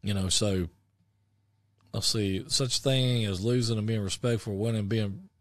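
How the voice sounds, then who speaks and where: A man co-hosting a radio show, chatting casually about sports and rambling through many halting restarts. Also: lowish voice, steady tone, dry recording.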